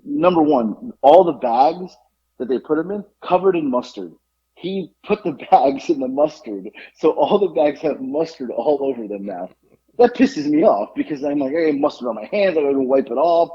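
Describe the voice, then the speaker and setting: A man with a husky, mellow voice tells a story in casual podcast chat, his pitch swinging up and down as he gets exasperated. The audio is dull and lo-fi. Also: expressive, moderate pace. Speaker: podcast host.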